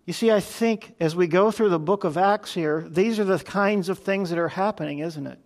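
A man's voice: high-pitched, moderate pace, a little mellow. A man preaching a sermon as pastor, conversational and earnest, often asking his listeners questions.

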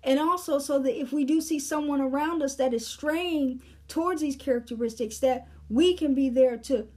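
A woman's voice: high voice, dark tone. A woman teaching a Bible lesson verse by verse, explaining Greek words with frequent fillers and restarts.

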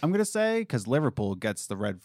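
A man's voice: medium pitch, brisk, no echo, clean studio sound. A man hosting a casual podcast, reading out quiz questions and joking with his guests. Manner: animated, laughing, quizzing a guest. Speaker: podcast host.

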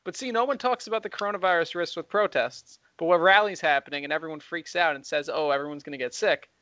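Fast-talking excitable young man, high voice. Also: no room sound. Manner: fast, excitable, rising when worked up. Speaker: co-host. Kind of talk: heated casual debate.

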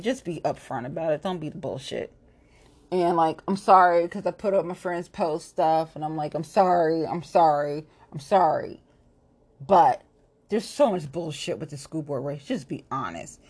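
A woman from Ohio, a local political activist, delivering a blunt, profane, confrontational rant to the camera. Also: lowish voice. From Ohio, USA.

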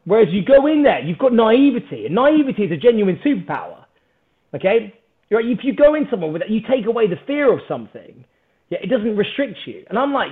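A British man telling a story on a podcast in an energetic, animated way, swearing freely. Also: high voice, fast talker, phone-quality sound. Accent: British English. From Britain. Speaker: podcast guest, startup founder. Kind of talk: casual storytelling chat.

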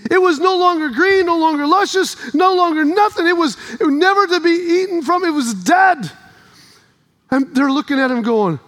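A man preaching a sermon in a church, telling stories with animation and rising to shouts. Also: very high-pitched, normal speed.

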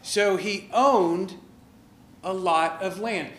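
High-voiced man preaching in an echoey church. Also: drawn-out words. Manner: animated, conversational preaching with rhetorical questions. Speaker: pastor. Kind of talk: sermon.

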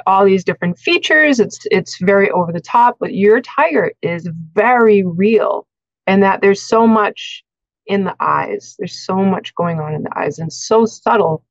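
A woman's voice: mid-range voice, no room sound. A woman co-hosting a podcast in a casual interview, gushing with enthusiasm. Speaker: podcast co-host. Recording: dull dry lo-fi mic.

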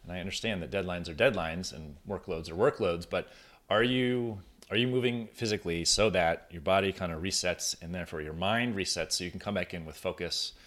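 A man hosting a solo podcast, talking in a relaxed, conversational way with frequent restarts and self-corrections. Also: low-pitched, a little fast. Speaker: podcast host. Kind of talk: casual solo podcast talk. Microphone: recording on camera at desk.

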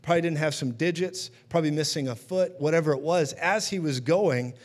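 Higher-voiced man preaching conversationally. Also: brisk. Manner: conversational teaching, checks in with listeners often. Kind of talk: sermon.

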